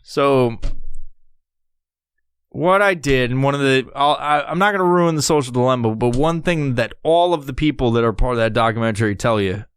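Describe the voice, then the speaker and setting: A man's voice: medium pitch, brisk, hardly any pauses, clear, resonant tone, no echo. Profane, rambling man hosting a solo podcast. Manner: profane, rambling, animated storytelling. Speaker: podcast host.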